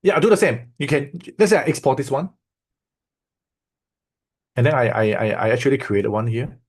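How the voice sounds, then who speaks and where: A man's voice: medium pitch, sing-song, normal speed, slightly rough. A man in the middle of a casual screen-share tutorial, talking in an everyday mid-range voice. He teaches loosely and repeats himself, often checking that his students are following along. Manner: loose, repetitive teaching with frequent "okay?" and "right?". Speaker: online course instructor.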